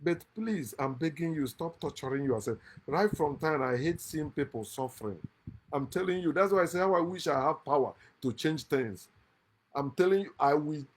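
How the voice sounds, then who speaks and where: A channel host living in America delivers an impassioned monologue against religion in a husky, high voice. He lectures emphatically, swinging from loud outbursts to quiet asides and often laughing mid-speech.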